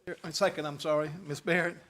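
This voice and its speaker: A man chairing a formal board meeting, calling for motions and votes in a brisk, procedural way. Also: a little high, little pitch movement, a bit bright.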